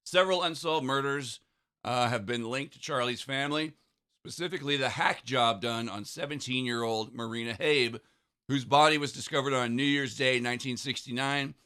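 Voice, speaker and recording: A man's voice: medium pitch, moderate pace, bright, forceful tone. A man co-hosting a podcast, reading research notes aloud with sarcastic asides and a slightly scratchy voice. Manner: reads notes with sarcastic asides, clears throat.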